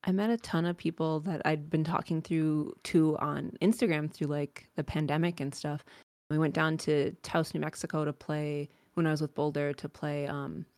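A woman's voice: low voice, little pitch movement, normal speed, a little mellow, dry recording. A woman, a roller derby skater, chatting as a podcast guest, with many filler words. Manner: chatty, frequent likes and ums. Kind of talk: casual podcast interview.

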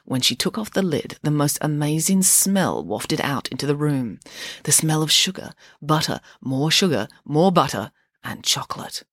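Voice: medium pitch, lively intonation, moderate pace, fairly bright tone, slightly rough, no echo, studio quality. A narrator reading a comic story aloud in a playful way, full of asides.

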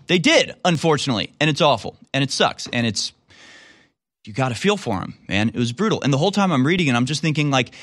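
A man's voice: medium pitch, sing-song, fast talker, fairly bright tone. A man hosting a talk radio show, delivering a sarcastic, ranting monologue in a conversational way.

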